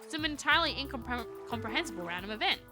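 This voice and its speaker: A woman streaming a story game live, reading its text aloud and joking with her chat in an animated way. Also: on the high side, fast talker, music in the background. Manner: animated, jokey, talks to chat.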